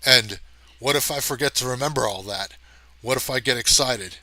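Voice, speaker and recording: A man voicing a burly, brash male space ranger who talks loud and gruff. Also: mid-range voice, normal speed, no echo. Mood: uneasy.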